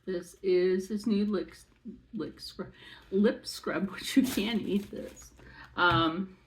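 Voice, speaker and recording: A woman chatting through a makeup unboxing, excitable and rambling, with many asides. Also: medium pitch, slow, a little hiss or hum, poor audio. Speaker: beauty vlogger. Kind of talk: casual unboxing chat.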